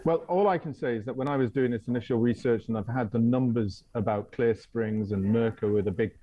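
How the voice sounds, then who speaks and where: A man from Manchester, a guest expert on talk radio, explaining in a measured way. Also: mid-range voice, mellow, highs cut off. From Manchester, England. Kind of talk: radio interview.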